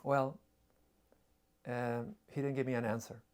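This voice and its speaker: A man preaching a sermon, telling a story dramatically, with repetition and pauses. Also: mid-range voice, level tone, smooth.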